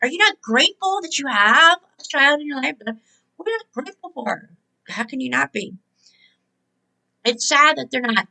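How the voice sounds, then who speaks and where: A woman's voice: high voice, lively intonation, moderate pace, creaky, long pauses, pushed and bright, poor audio. A woman hosting a spiritual motivational talk, emphatic and exhorting, repeating her key words. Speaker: host and motivational speaker.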